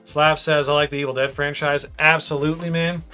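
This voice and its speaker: Bright-voiced casual man live-streaming. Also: a little high, little pitch movement, brisk. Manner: chatty, reads out viewer comments, says "man" a lot. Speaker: livestream host building a brick model. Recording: faint music behind.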